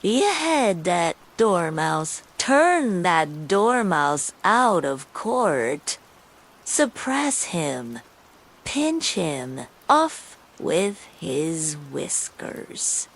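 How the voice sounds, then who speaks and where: A woman voicing a furious, bossy queen in a storybook, giving slow commands. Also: on the low side, sing-song, exaggerated voice.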